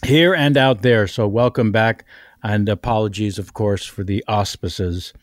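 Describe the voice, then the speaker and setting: A man's voice: lowish voice, unhurried, no room sound. A man hosting a casual comedy podcast, introducing the guests with jokey nicknames and teasing them. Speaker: podcast host.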